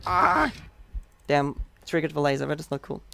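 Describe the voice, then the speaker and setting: A man's voice: a little high, monotone, fast talker, vocal fry, slight background noise. A man with a Dutch accent giving chatty, upbeat live commentary on his own speedrun, explaining as he plays.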